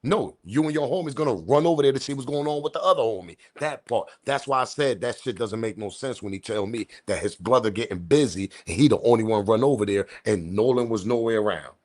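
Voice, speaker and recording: A man's voice: mid-range voice, lively intonation, fast, hardly any pauses, a little mellow. A man hosting a live-stream commentary show, talking in incredulous, argumentative street slang. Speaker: commentary channel host.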